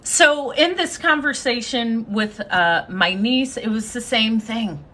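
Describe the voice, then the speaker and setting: On a live stream recorded through a phone, a woman gives a confident, sassy motivational talk, thanking her viewers as she goes. Her voice is on the high side, slow and sharp in tone.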